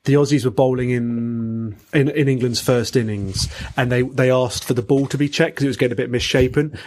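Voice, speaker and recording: A man co-hosting a casual podcast, talking animatedly and mimicking other people's voices in his stories. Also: medium pitch. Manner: animated, acts out quotes in a mocking voice. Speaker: podcast co-host. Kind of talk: casual chat.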